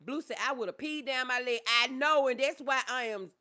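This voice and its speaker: A woman's voice: high-pitched, brisk, bright, forceful tone. A woman, a therapist hosting a casual livestream, reading viewer comments aloud and calling them baby. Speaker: livestream host, mental health therapist.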